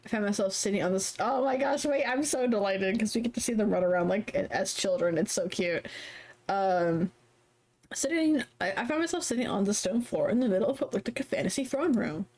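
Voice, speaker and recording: A woman streaming a story game live, reading its text aloud and chatting in an animated, giggly way, swearing casually. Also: medium pitch, brisk.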